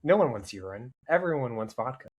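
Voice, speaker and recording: A man's voice: mid-range voice, big pitch swings, fairly quick, slightly rough, lo-fi sound. A young man in casual podcast chat, joking and rambling as he goes. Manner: joking, rambling, self-interrupting. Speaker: podcast guest.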